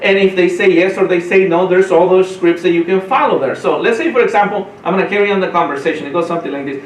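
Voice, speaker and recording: A man with a high, quick voice runs a real estate training session, piling up restarts and tag questions like "right?". He sounds roomy and a little distant from the mic, with a faint rumble underneath. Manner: fast, repetitive, says "right?" often. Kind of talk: training talk.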